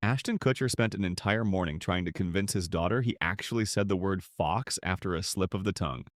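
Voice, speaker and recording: Man, narrator, low voice, dry close recording, scripted voice-over. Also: a little fast, no room sound.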